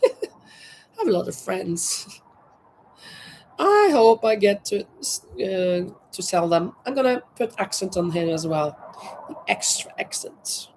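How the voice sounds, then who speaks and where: Lady crocheting on her terrace, chatting slow and easy with viewers, faint outdoor hum behind. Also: mid-range voice, big pitch swings, poor audio. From Norway. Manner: chatty, reads viewer comments aloud, thinks out loud while working. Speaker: crochet livestream host. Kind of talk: casual live chat while crocheting.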